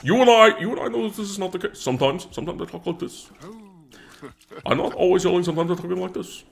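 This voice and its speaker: Gruff older male politician, shouts then mutters fast, a man putting him on. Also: high voice. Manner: swings between yelling and muttering. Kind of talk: comedic impression.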